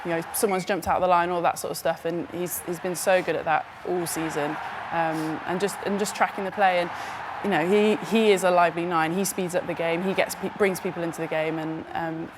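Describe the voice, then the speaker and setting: A woman's voice: fairly low pitch, steady tone, a little fast, noisy background. A woman giving earnest, analytical sports punditry. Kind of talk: casual sports chat.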